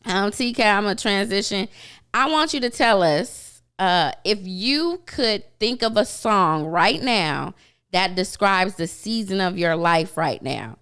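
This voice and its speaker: A woman's voice: mid-range voice, animated, a little slow, clean tone. A woman hosting a faith-based talk show, affirming her guest and steering the conversation. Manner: warm affirming listener, supportive.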